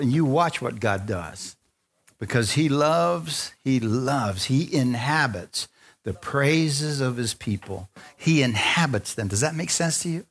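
A pastor preaches a sermon in a lively call-and-response style, calling on his congregation for amens and hallelujahs and drawing frequent amens. He speaks slowly in a medium-pitched voice.

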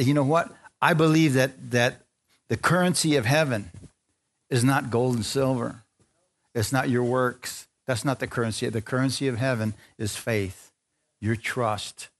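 A man preaching a sermon to a congregation, lively, laughing often and asking for amens as he retells scripture stories. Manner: animated, asks the congregation for amens; laughs often, acts out quotes in a higher voice. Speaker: pastor.

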